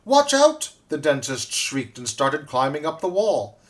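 Guy reading a kids' poem, slow and dramatic, lots of ups and downs. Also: mid-range voice. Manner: expressive, dramatic storytelling. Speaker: narrator.

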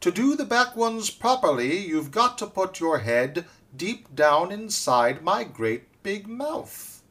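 A man's voice: high voice, sing-song, slow pace, fairly bright tone, pitched above the performer's own voice, heavily acted. A man voicing a sly, grinning male crocodile in a storybook poem, coaxing and drawn out.

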